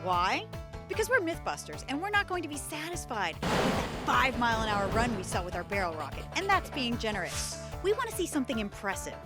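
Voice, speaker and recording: A woman's voice: on the high side, big pitch swings, fairly quick. A woman enthusiastically presenting a test on location. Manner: upbeat, emphatic. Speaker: show host. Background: music.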